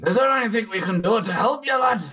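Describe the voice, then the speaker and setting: A man's voice: sits high, quick pace, pushed and bright, husky, pitched above the performer's own voice, heavily acted. A man voicing a wary, blunt male dwarf miner with an attempted Scottish accent, saying aye and lad. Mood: gruff. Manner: folksy dialect with aye and lad.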